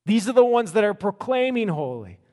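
Pastor guy preaching, fairly high voice, stumbles and repeats words, big echoey hall. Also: a little fast. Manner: animated, repeats words in bursts, acts out reactions. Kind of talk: sermon. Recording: long hall reverb.

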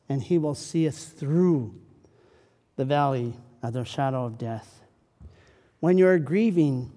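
A man preaching a sermon, swinging from loud pleading questions to soft, hushed comfort. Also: on the high side, long reverb tail.

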